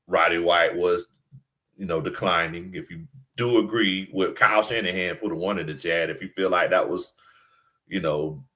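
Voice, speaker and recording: A man's voice: low voice, moderate pace, pushed and bright. A man co-hosting a casual sports talk stream, easygoing and agreeable, addressing the live chat with some stammering. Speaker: co-host.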